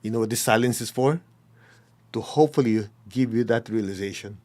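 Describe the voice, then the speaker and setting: A man's voice: lowish voice, fairly quick, warm tone. A man giving a spiritual talk, blunt and emphatic, often acting out the people he quotes. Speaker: spiritual teacher. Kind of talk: dharma talk.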